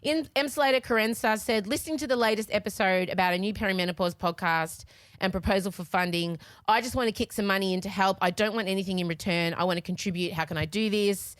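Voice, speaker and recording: Tearful forties woman, candid podcast co-host, close dry mic, mid pitch. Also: quick pace, no room sound. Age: 40s. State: crying. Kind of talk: casual chat.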